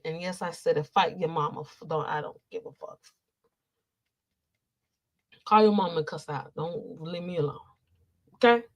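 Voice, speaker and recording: A woman in casual commentary, ranting and cursing in an exasperated way, with speech. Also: mid-range voice. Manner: profane, loud, exasperated ranting. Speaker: commentary vlogger.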